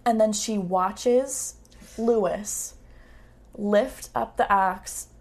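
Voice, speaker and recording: A woman's voice: medium pitch, extremely slow, a little mellow. Woman narrating a crime story in short dramatic beats. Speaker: podcast co-host. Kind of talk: casual true-crime storytelling.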